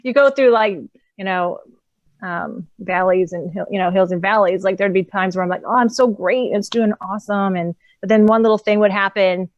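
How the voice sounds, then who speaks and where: A woman's voice: mid-range voice, normal speed, no room sound, lo-fi sound. A woman, an empowerment coach and author, telling her personal story as a guest in a casual, candid way, often laughing between thoughts.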